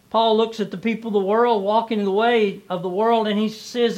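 High-voiced preaching pastor. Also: male voice, little pitch movement, fairly quick, few pauses, a little mellow. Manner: preacherly, repeats phrases, swells and drops in volume. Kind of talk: sermon.

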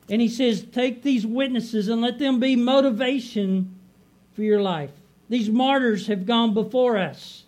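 A middle-aged man preaching a sermon as pastor, emphatic and repetitive, slowing down to stress his words. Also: very high-pitched, darkish tone. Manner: emphatic repetitive preaching, swelling on key phrases.

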